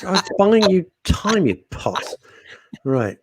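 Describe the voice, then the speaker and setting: A man hosting a radio talk show, chatting theatrically with mock outrage and quiet asides. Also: high voice, very animated, slow, slight background noise. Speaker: radio host. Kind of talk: casual radio banter. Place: radio studio. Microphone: studio microphone.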